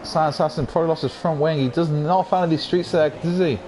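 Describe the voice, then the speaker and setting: A man with a croaky voice giving excitable live commentary on an online racing league, rising to yells at incidents. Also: a little high, fast, background noise.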